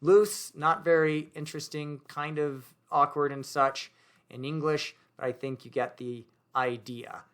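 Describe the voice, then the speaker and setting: A man's voice: fairly high pitch, flat delivery, a little slow, a bit bright. A man teaching grammar, thinking aloud as he writes and explains, with easy fillers and self-corrections. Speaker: language teacher. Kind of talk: explaining grammar while writing on a board.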